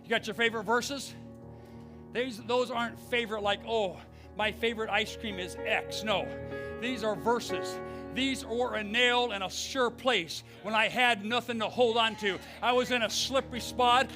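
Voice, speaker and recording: A middle-aged man preaching a fervent Pentecostal sermon as pastor, swinging from hushed words to shouts. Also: high-pitched, steady tone, normal speed, over music. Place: church sanctuary.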